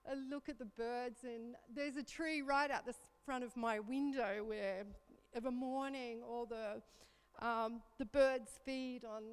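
A woman's voice: fairly high pitch, measured pace, smooth. A woman in her fifties telling a self-mocking story in a chatty church talk. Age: 50s. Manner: chatty, self-mocking, animated when recounting panic. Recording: reverberant hall.

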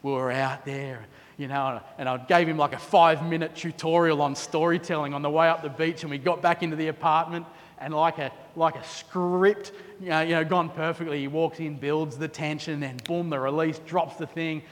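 A man preaching a sermon, telling stories with lively quoted asides. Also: fairly high pitch, brisk. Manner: storytelling, animated with quoted asides. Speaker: pastor. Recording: long hall reverb.

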